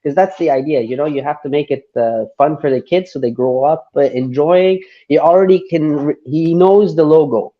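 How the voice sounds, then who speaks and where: A man on a casual group video chat, relaxed and rambling with hesitant fillers. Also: fairly high pitch, moderate pace, hardly any pauses, dull audio. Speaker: podcast guest.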